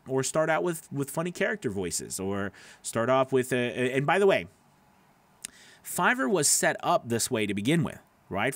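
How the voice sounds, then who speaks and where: A man's voice: medium pitch, fairly bright tone, dry recording. A man, a voice actor, hosting a casual live stream, rambling with lots of fillers and restarts while answering viewer comments by name.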